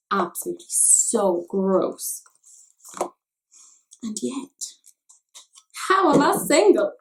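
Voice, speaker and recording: A woman's voice: medium pitch, darkish tone. A young Irish woman chatting casually while doing her makeup, rambling and poking fun at herself. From Ireland. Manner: chatty, self-mocking, rambling asides. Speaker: makeup vlogger.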